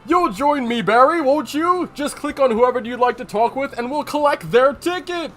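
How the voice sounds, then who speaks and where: Old male train conductor, formal and kindly, lively in pitch, put on by a streamer. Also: moderate pace. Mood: courteous. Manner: polite, formal announcer tone.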